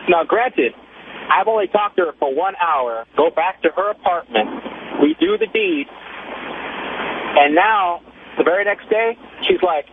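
High-voiced male caller on a tinny phone line. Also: unhurried, pauses often, a little hiss or hum. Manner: animated, chatty storyteller. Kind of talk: casual storytelling on a call-in show.

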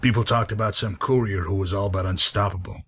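A man voicing a gruff, grizzled wasteland guide in a video game, with a husky, dry and weary delivery. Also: lowish voice, steady tone, a little fast, fairly bright tone, slight background noise, natural voice. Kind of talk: game character dialogue.

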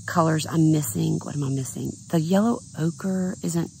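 A middle-aged woman artist chatting casually in a vlog, rambling and thinking out loud, her voice scratchy and tired, partly recorded outdoors at a lakeside campground. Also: low-pitched, moderate pace, creaky. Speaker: artist vlogger.

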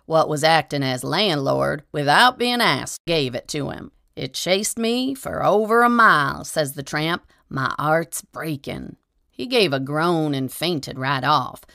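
A woman narrating a short story aloud in a steady, measured storytelling manner. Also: deep voice, creaky, no echo, clean studio sound. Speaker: audiobook reader.

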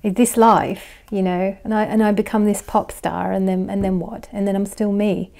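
A woman giving a casual pick-a-card tarot reading, chatty and rambling, laughing often and dropping into soft asides. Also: mid-range voice, level tone, moderate pace, vocal fry. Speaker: tarot reader and life coach.

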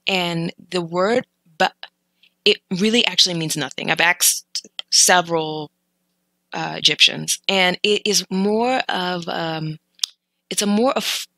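Her voice sits on the low side, bright and forceful, in a rough recording without echo. She's a learner teaching vocabulary from clips in a casual way, often restarting hesitantly and correcting herself as she thinks aloud.

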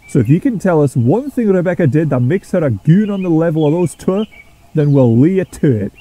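A man's voice: on the high side, big pitch swings, fairly quick, dark tone, voice pushed up. A man voicing a mocking male twin engine with a Scottish accent, trading insults.

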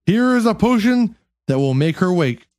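A reader voicing a cryptic old witch in a high, brittle, sneering tone for a bedtime story. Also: sing-song, moderate pace, darkish tone, no room sound, clean studio sound, natural voice. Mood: mocking.

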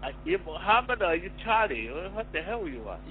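A man's voice: high voice, big pitch swings, fairly quick. A man taking a prank phone call, speaking broken English and asking blunt, suspicious questions. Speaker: person receiving a prank call. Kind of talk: phone conversation. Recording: tinny phone line with faint noise.

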